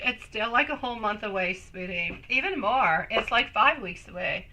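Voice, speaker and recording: A woman's voice: medium pitch, normal speed, few pauses, sharp tone, rough recording. A woman hosting a live-stream tarot reading, chatting with viewers and calling them sweetie and my love. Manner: chatty, reads viewer comments aloud and answers.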